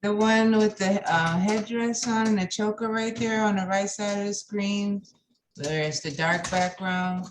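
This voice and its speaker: A woman's voice: medium pitch, fairly even intonation, measured pace, slight background noise, low-quality recording. A woman participant chatting casually in an online Q and A.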